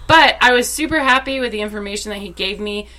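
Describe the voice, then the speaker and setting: A young woman co-hosting a casual chat, telling stories with excitement and acting out what others said. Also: mid-range voice, quick pace, a loud crowd. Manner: excited storyteller acting out quotes. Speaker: podcast co-host.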